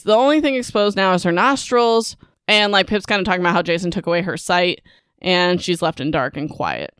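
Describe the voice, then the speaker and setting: A woman's voice: lowish voice, clean tone, no echo, studio quality. A young woman hosting a book podcast, recapping chapters in a chatty, exasperated way full of fillers.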